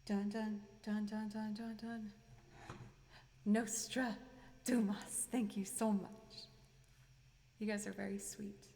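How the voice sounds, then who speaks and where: A woman musician chatting casually with viewers on a livestream, bubbly and quick to thank them. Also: medium pitch, level tone, dark tone. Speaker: musician streamer.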